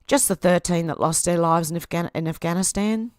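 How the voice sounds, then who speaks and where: A woman's voice: fairly low pitch, brisk, a little mellow, dry recording, studio quality. An Australian woman hosting a livestream, reading social media posts aloud and answering them with sarcastic asides. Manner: sarcastic, talks back at posts. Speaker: livestream host.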